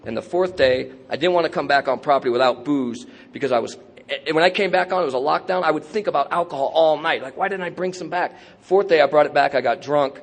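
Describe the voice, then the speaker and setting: A man's voice: a little high, fast talker. A man speaking at a recovery convention, telling his story candidly with streetwise slang and self-mocking humor. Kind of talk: personal recovery talk.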